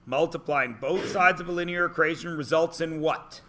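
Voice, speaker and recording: A man's voice: fairly high pitch, normal speed, sharp tone. Joking, dryly theatrical male math teacher. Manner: dry, theatrical joking with students. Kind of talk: classroom lecture. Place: classroom.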